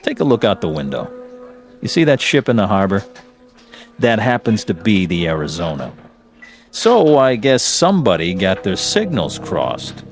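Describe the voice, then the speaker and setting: An actor playing a calm serviceman who gently teases a friend, in a mid-century drama. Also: on the low side, moderate pace, soft background music. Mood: teasing.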